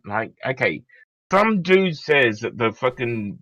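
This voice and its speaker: A man who has been drinking, arguing in an online debate, halting with fillers and swearing when flustered. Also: mid-range voice, sing-song, fairly bright tone, no room sound, muffled recording. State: tipsy from drinking.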